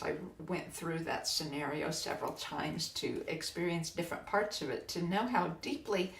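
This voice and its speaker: Podcast host, woman; earnest, halting spiritual storyteller with a lowish voice, recorded in an echoey room away from the mic. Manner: soft, earnest, halting with restarts. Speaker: podcast host and biofield tuner. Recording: roomy echo, distant from mic.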